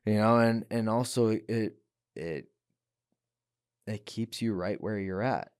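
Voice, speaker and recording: A man's voice: on the low side, takes it slowly, darkish tone, smooth, no echo, studio quality. Earnest man telling his story. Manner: earnest, repeats words, acts out voices when quoting people. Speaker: podcast guest, professional fighter. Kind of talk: candid interview talk.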